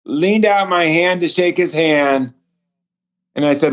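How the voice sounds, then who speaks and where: A man's voice: a little high, slow pace. A male author and speaker telling a personal story as a guest over a remote call, earnest and acting out the dialogue. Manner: earnest, acts out quoted dialogue. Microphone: remote call connection.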